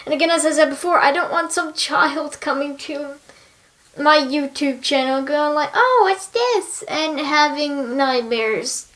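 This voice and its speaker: A young woman talking casually and earnestly to her viewers, bubbly and chatty, with quick laughs. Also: sits high, steady tone, a bit bright. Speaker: YouTuber.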